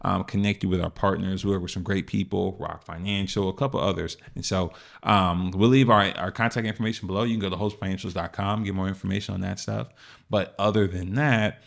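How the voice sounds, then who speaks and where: A man's voice: low voice, fairly even intonation, fairly quick, vocal fry. A man co-hosting a business podcast, talking in a laid-back, rambling way with plenty of fillers. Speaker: podcast co-host. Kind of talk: casual business podcast chat.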